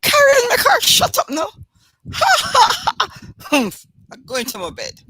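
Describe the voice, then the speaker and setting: A woman's voice: on the high side, expressive, moderate pace, fairly bright tone, no echo, pitched above the performer's own voice, rough recording. A woman doing a shrieking Jamaican mama. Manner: shrieking with laughter. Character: loud older Jamaican mother laughing hard.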